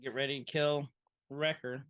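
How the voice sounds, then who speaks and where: A man co-hosting a podcast, chatting casually as he retells the scenes of an episode in an animated way. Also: medium pitch, moderate pace, dry recording. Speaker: podcast co-host.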